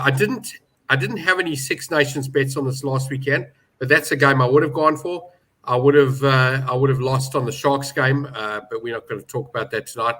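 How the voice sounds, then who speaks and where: A man's voice: mid-range voice, bright, forceful tone. A man giving emphatic, indignant betting opinions on a panel, with many restarts. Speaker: betting pundit. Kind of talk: animated panel discussion.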